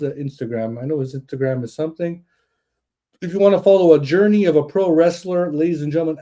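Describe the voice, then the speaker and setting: A man hosting a podcast in an excitable, boastful way, swearing freely. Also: medium pitch. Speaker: podcast host. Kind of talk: hyped casual chat.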